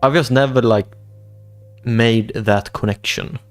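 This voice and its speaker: With a steady, medium-pitched voice, a young man slowly reads chat aloud on his casual livestream. His speech rambles, looping through repeated words and fresh starts, and faint music plays behind him.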